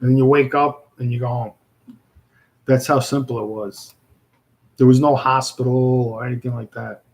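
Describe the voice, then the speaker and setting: A man's voice: medium pitch, steady tone, moderate pace, a little mellow, low-quality recording. A man with a Brooklyn accent chatting casually and rambling with viewers on a livestream, full of fillers and restarts. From New York. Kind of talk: casual live chat.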